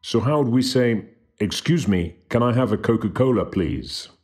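Man, language teacher, scripted lesson, careful slow pronunciation, soft music underneath. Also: medium pitch, lively intonation.

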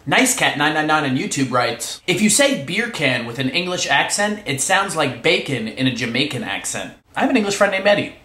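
A man hosting an upbeat fun-facts vlog, excitable and prone to shouting his catchphrase. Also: on the high side, a little fast, few pauses, echoey room, slight background noise. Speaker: vlog host.

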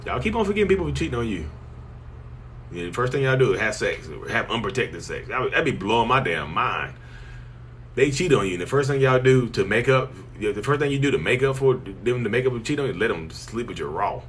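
A man's voice: mid-range voice, big pitch swings, a little fast, fairly bright tone, a little hiss or hum. A man hosting a casual live stream, answering viewers bluntly and joking with them. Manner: blunt, joking, teasing, colloquial, talks straight to viewers as "y'all".

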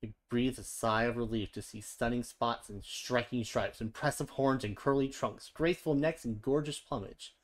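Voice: mid-range voice, moderate pace, hardly any pauses. Playful storybook reader. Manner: gentle, chatty, playful. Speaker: children's book reader. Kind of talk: storybook read-aloud with chatty asides.

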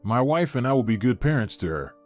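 A man's voice: mid-range voice, sing-song, quick pace, soft background music, natural voice. A man voicing a cheerful, well-dressed stranger who talks in a persuasive way.

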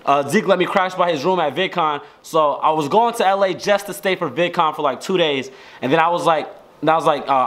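A man's voice: fairly high pitch, a little fast, fairly bright tone. Rambling young man vlogging at home. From Georgia, US. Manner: rambling, slangy, restarts a lot. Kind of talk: casual chat to camera. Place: at home indoors.

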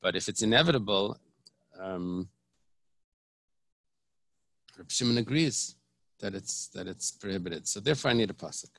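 A man's voice: on the low side, expressive, moderate pace, gravelly, pauses often, fairly bright tone, no echo. A man, a rabbi, teaching a Talmud lesson. He explains each point step by step, often restarting and repeating phrases. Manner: explanatory, repeats and restarts, mixes Hebrew terms.

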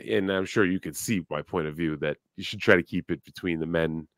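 A man co-hosting a podcast, asking questions in a measured way. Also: deep voice, no room sound, studio quality. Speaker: podcast co-host. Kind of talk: casual chat.

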